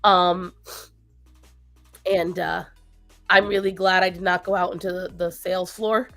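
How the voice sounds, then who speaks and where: A woman chatting casually on her livestream. She rambles, sounds tired and low after a long week, and breaks off to talk baby talk to her pets. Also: level tone, unhurried, a bit bright, faint music behind. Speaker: stream host.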